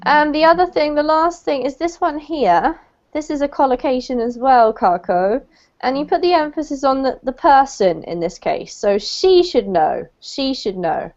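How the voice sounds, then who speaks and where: A woman English teacher giving an online lesson, encouraging and modeling words slowly over a video call. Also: sits high, animated, darkish tone. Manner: encouraging, clarifies pronunciation with slow modeled words. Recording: dull lo-fi call audio.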